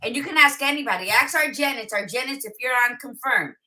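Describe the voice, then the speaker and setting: A woman co-hosting a podcast speaks in a notably bright, slightly high voice. She is blunt and profane, and her talk moves along in casual, no-nonsense chat. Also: brisk, rough recording. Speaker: podcast co-host.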